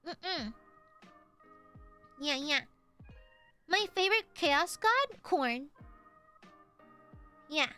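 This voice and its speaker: Young female streamer, very high and bright, unhurried, cutesy and excitable, faint music underneath. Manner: cutesy, excitable, playful outbursts. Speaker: livestreamer. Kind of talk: casual stream chat thanking donors.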